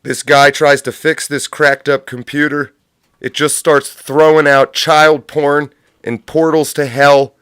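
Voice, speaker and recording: A man's voice: fairly high pitch, flat delivery, slow, fairly bright tone, clean tone, no room sound, clean studio sound. A man hosting a livestream, delivering sardonic, profane political commentary full of absurd tangents. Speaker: livestream host.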